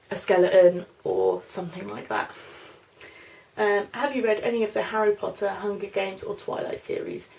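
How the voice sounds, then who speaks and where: A woman's voice: medium pitch, gravelly, a little mellow. A woman in her twenties with a mixed London and Norfolk accent, chatting in a casual Q&A vlog, rambling and hesitant with lots of fillers. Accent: mix of London and Norfolk English. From London, England. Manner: rambling, hesitant, many fillers and "I don't know". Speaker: vlogger. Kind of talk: casual Q&A vlog, reading questions aloud.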